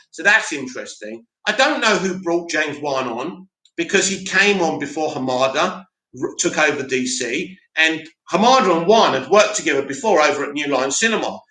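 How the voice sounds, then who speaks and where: Answering his chat on a live stream, a man gives blunt, opinion-heavy takes. The voice is a touch high, sharp and up-front, bouncing around an echoey space.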